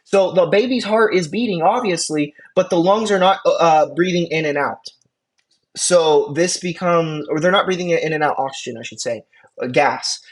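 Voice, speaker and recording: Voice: mid-range voice, normal speed. Chatty EMT instructor lecturing casually. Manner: casual, chatty, checks in with listeners; frequent fillers and restarts, conversational asides. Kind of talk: classroom lecture.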